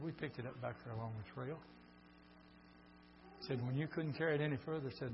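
An older man preaching a sermon, telling folksy stories and swinging from quiet talk to shouts. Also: medium pitch. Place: church meeting. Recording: dull lo-fi recording with mains hum.

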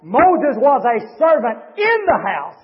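A man preaching a fiery revival sermon in a church, swinging from shouted, rising lines to low, quiet asides. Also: huge pitch swings, slow. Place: church sanctuary with a congregation. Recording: dull lo-fi 1990s church recording with long reverb.

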